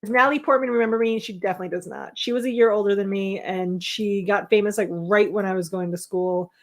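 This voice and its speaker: A woman's voice: mid-range voice, fairly even intonation, quick pace. A woman, co-hosting a casual livestream and teasing her partner with blunt, profane humor. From Long Island, New York. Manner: brash, teasing, swears freely. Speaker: co-host of a livestream show.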